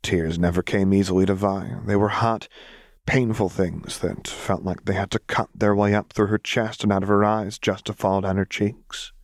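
A man narrating a fan fiction audiobook in a steady, unhurried storytelling manner. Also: on the low side, no echo, studio quality.

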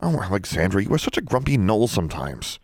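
A man voicing an excitable, eager schoolgirl in an audiobook, gushing and chatty. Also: fairly low pitch, fairly quick, husky, no room sound, studio quality, pitched above the performer's own voice, exaggerated voice. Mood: playful.

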